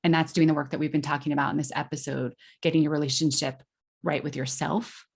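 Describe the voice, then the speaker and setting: A woman with a somewhat low voice speaks as a podcast guest. She explains things earnestly and conversationally, with lots of "like" and quick restarts. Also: fairly even intonation, creaky, slightly rough. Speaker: podcast guest giving parenting advice. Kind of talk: conversational interview answer.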